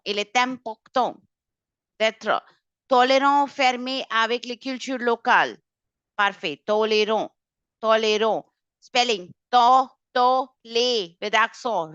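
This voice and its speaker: A woman leads an online language class over a video call, her voice sitting fairly high. She talks in a brisk, corrective way, often repeating key points. The sound is dry and close, with no room echo. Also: a bit bright, clean tone, muffled recording. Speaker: French teacher. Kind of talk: online exam-prep class.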